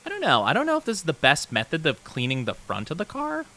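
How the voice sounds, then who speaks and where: Talking fast with wildly swooping pitch, this male VTuber sounds high, pushed, and bright as he plays a game live. He keeps up with chat and playfully, flusteredly denies whatever teasing his viewers throw at him.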